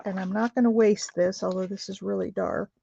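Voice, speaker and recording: A woman's voice: medium pitch, steady tone, brisk, vocal fry, warm tone, slightly rough, no room sound. A woman hosting a craft video, chatting casually and asking questions as she works. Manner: chatty, asks questions while working. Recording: dry, dull lo-fi sound.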